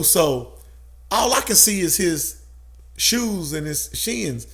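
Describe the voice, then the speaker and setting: A man, a guest telling an animated story with frequent laughs. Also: sits high, slow pace. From Tennessee, USA. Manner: animated, laughs often, swears. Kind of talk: casual storytelling.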